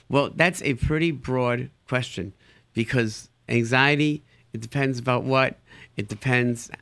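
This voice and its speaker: A man, a therapist, giving parenting advice in a lively advice talk, acting out incredulous reactions and using Yiddish words. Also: no echo. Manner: animated, acts out incredulous reactions with sudden jumps in pitch. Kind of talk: advice talk answering listener questions.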